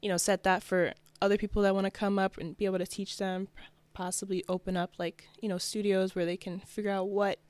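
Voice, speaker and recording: A woman's voice: medium pitch, level tone, brisk, few pauses, darkish tone, no echo. Chatty young woman, dry close podcast mic. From New Jersey. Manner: chatty, upbeat, frequent "like" and "you know". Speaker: fashion designer guest. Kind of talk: casual interview.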